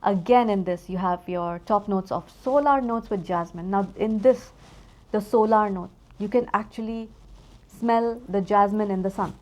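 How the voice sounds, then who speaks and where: A woman's voice: medium pitch, moderate pace, a little mellow. A woman chatting casually through a perfume review, rambling and easily distracted.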